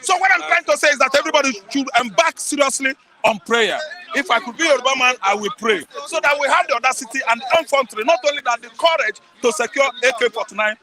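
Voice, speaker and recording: Nigerian guy ranting about politics, real high voice, keeps asking are you listening. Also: fast talker, over music, low-quality recording. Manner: emphatic, repeats words, presses listener with rhetorical questions. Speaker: political commentator guest. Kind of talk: heated political commentary.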